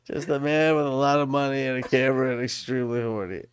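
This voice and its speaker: Co-host, man, deadpan teasing, recording has audible noise and clicks. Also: mid-range voice, fast. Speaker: podcast co-host. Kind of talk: casual chat.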